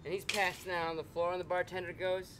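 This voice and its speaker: A man who is a musician, chatting casually and telling a joke in a halting, self-deprecating way. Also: high voice, little pitch movement, fairly bright tone, a little hiss or hum. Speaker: musician guest. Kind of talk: casual chat.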